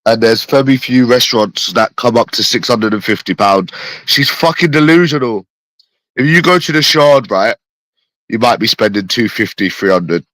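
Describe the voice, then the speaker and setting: A man's voice: on the low side, a bit bright, no room sound, poor audio. A man with a phlegmy cough, ranting in a repetitive, rambling, profane casual monologue. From London.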